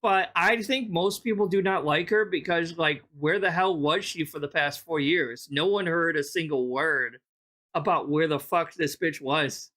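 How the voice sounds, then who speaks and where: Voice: medium pitch, measured pace, sharp tone. A reaction-channel host giving casual, exasperated, sarcastic commentary with heavy swearing.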